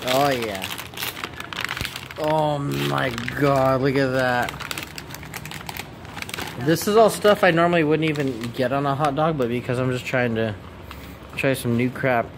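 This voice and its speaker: A man chats playfully to his phone camera while standing outside a tiny food stand. His voice sits at an ordinary middle pitch. Steady road traffic hums clearly behind him. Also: normal speed. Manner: playful, joking, chatty. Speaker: vlogger. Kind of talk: casual vlog narration. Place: outdoors at a small street food stand by traffic. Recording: outdoor traffic noise.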